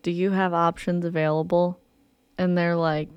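A woman's voice: on the low side, fairly even intonation, normal speed, smooth, no echo. A young woman co-hosting a podcast, telling a story in casual chat and acting out what people said. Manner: chatty storyteller, acts out quotes. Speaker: podcast co-host.

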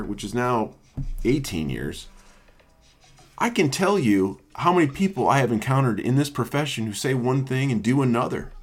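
A man's voice: fairly low pitch, slightly rough. A man in his thirties, a salesperson, reading a humorous personal essay aloud in a wry, self-mocking way. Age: 30s. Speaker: salesperson and blogger.

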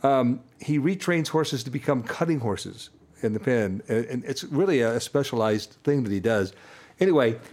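A man co-hosting a music radio show in easy, casual chat. He rambles and restarts his sentences, filling the gaps with "uh" in a middle-pitched voice. The talk is loose and unscripted. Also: expressive, normal speed, darkish tone. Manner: easygoing, rambling with many fillers and restarts.

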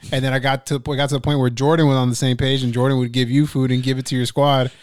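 A young man hosts a relaxed podcast, trading stories with his brother. His voice is smooth and clear. The recording is dry and close, with no room sound. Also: mid-range voice, fast, no room sound. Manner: laid-back, laughs often, swears casually. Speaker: podcast host. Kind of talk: casual podcast chat. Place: studio.

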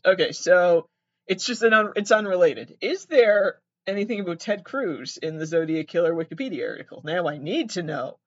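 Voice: medium pitch, dry recording. A young adult comedian rambling casually, swearing freely and giggling often, recorded without an external mic. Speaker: comedian vlogger. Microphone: no external mic, built-in device mic. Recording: dry, dull lo-fi built-in mic.

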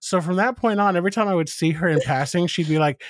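A man's voice: high voice, quick pace, dry recording, studio quality. A man co-hosting a podcast in casual chat, candid and self-mocking, who laughs often and acts out what other people said. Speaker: podcast co-host.

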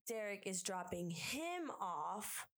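A woman's voice: mid-range voice, big pitch swings, slow pace, a bit bright. A woman co-hosting a casual podcast, rambling through her theories in a loose, chatty way. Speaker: podcast co-host.

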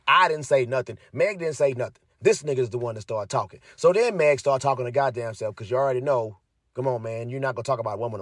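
A man's voice: on the high side, no echo, clean studio sound. A young man ranting heatedly to his viewers, cursing heavily and repeating himself as he gets worked up. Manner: heavy cursing, fired up, repetitive. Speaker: commentator. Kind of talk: heated casual rant to viewers.

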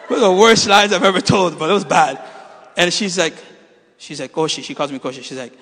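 Lively and brisk, this high-voiced pastor, a middle-aged man with a fairly bright tone, shares a joke-filled personal story during a sermon to his congregation. The church hall echoes, and there's a little hiss or hum.

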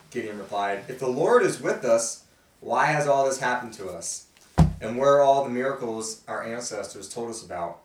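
A man's voice: mid-range voice, brisk, fairly bright tone, a little hiss or hum. Casual man teaching scripture in a roomy space. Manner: conversational, voices the characters' quotes with feeling. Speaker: host reading and explaining scripture. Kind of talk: casual Bible study teaching. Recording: roomy, mic at a distance.

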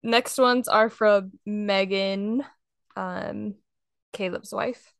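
A young woman co-hosting a podcast, telling stories in a casual, giggly, animated way. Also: mid-range voice, drawn-out words, vocal fry, dry recording. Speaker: podcast co-host. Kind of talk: casual chat.

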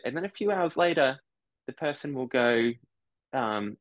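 A man's voice: medium pitch, sing-song, a little slow, dry recording, poor audio. A man from Brisbane, a podcast guest chatting casually, often correcting himself mid-sentence and acting out online commenters. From Brisbane, Australia. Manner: rambling, self-correcting, acts out online commenters.

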